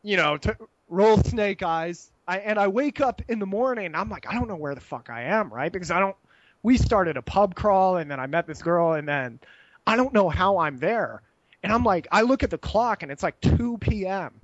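High-voiced young man, loose and profane raconteur, dry slightly muffled sound. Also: moderate pace, no echo. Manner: animated, profane, laughs while telling stories. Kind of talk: casual storytelling chat.

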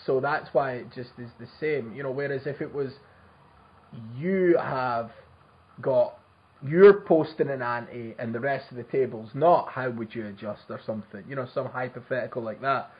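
A man's voice: mid-range voice, normal speed. A man with a mid-range voice hosts a podcast in easy, laid-back chat, thinking aloud as he goes. The recording sounds somewhat dull and lo-fi. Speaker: podcast host.

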